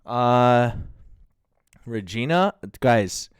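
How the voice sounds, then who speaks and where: A man's voice: medium pitch, animated, extremely slow, smooth, no echo, studio quality, faint music behind. A man in his thirties streaming live, chatting casually, laughing and trying out rap voices.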